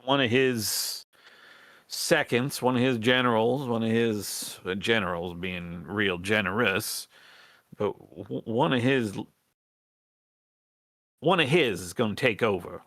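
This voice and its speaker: A man's voice: lowish voice, slow pace, long pauses, a bit bright, no echo, clean studio sound, voice pushed up. A man voicing an earnest female rat rebel who pleads for allies, in a hesitant folksy drawl full of restarts. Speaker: game master. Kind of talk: in-character role-play in a tabletop game.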